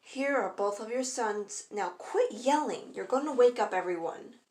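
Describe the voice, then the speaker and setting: A woman voicing a brisk young female nurse who scolds loudly. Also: a little high, lively intonation. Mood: bossy. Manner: bossy, scolding. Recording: echoey room.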